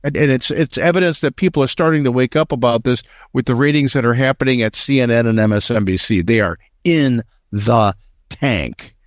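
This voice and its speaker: A man's voice: mid-range voice, brisk, no echo. An American man hosting political talk radio, emphatic and indignant, often repeating words as he builds a point. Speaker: radio talk show host.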